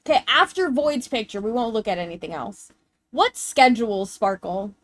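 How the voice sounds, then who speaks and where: A woman's voice: fairly high pitch, sing-song, moderate pace, a bit bright, no room sound. A woman streamer chatting casually while showing pictures, gushing and cooing in baby talk, with casual swearing.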